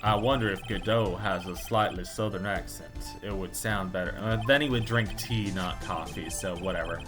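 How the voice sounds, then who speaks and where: A man's voice: deep voice, over music. A man reading a courtroom game's dialogue aloud in a playful let's play, joking and punning between lines. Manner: jokey, riffs and puns between lines, quick asides. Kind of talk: playful let's play narration with voiced characters.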